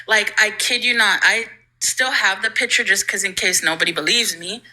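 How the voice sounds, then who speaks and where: A young woman with a strikingly bright, sharp voice tells a ghost story in easy, casual chat. She leans on "like" constantly and slips into the voices of the people in her tale. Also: medium pitch, moderate pace, low-quality recording. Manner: chatty, fills with "like", acts out quoted people. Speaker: livestream storyteller.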